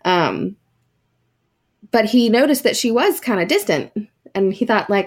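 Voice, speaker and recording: A woman's voice: mid-range voice, expressive, a little slow, pauses often. A woman hosting a podcast, telling a ghost story in a casual, chatty way with many fillers and asides. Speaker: podcast host.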